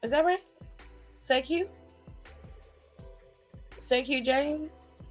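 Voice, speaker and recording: A woman's voice: high voice, drawn-out words, faint music behind. A woman hosting a casual live stream, chatting and reading viewer comments in a playful, familiar way. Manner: chatty and playful, calls viewers honey and child.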